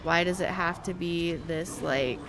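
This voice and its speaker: A woman's voice: on the low side, unhurried, background noise. A woman streaming a video game, chatting casually and venting her frustration while reading chat aloud.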